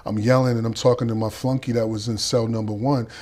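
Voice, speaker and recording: A man's voice: medium pitch, flat delivery, fast, a little mellow. A middle-aged man from Boston with a Boston accent, a podcast guest animatedly telling his story and acting out the voices of others. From Boston, Dorchester. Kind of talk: storytelling interview.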